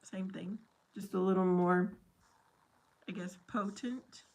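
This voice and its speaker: A woman chatting slowly and easily on a livestream. She giggles often and answers her viewers by name in a light, playful way. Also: medium pitch, fairly even intonation. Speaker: livestream host. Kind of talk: casual live chat answering viewer comments.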